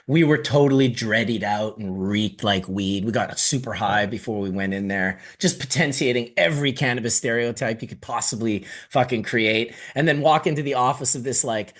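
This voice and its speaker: Middle-aged guy rambling on a podcast, swears a lot, mid pitch, gets animated. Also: moderate pace, few pauses. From Canada (Manitoba). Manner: animated, profane, rambling storyteller. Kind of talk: casual podcast chat.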